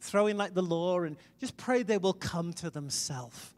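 A middle-aged man from Wales preaching a conversational sermon, emphatic, with sudden loud swells. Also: high-pitched, measured pace. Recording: long reverb in a large hall.

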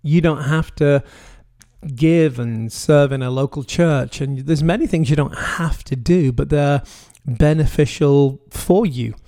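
Pastor guy teaching from his home office, earnest, fairly high voice, slows down to hit the big points. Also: dark tone. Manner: earnest, emphatic, slows for key phrases. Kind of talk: sermon-style teaching, recorded from home.

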